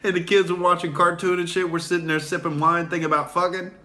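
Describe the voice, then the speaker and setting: A man in his late twenties or thirties, a comedian hosting a livestream, telling crude, animated stand-up stories. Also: high voice, fast talker. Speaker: comedian, show host. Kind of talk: loose stand-up storytelling on a livestream.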